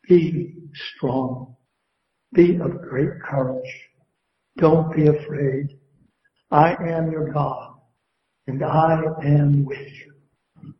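A man's voice: fairly high pitch, echoey room, muffled recording. A man preaching a sermon to a congregation, building emphasis and asking the crowd questions. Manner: preaching with rising emphasis and call-and-response questions. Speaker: pastor. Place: church sanctuary.

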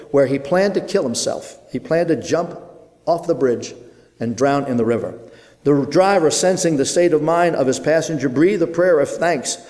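A man preaching an earnest sermon in a church, with rhythmic phrasing and dramatic pauses. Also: on the high side, dark tone. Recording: long hall reverb.

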